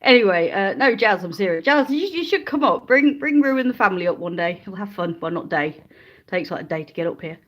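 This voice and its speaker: A woman's voice: medium pitch, expressive, a little fast. Chatty woman live-streaming from home. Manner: chatty and easily sidetracked, talking to viewers and calling her dogs. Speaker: livestreaming vlogger. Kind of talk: casual live-stream chat. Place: living room of a rented house, indoors. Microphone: handheld phone, then a phone stand.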